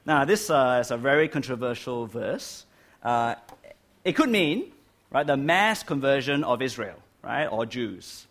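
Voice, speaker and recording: A man's voice: mid-range voice, sing-song, a little slow, fairly bright tone. Man preaching, lots of "right?". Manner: stresses key words, asks "right?" often. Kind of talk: sermon. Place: church hall with air conditioning.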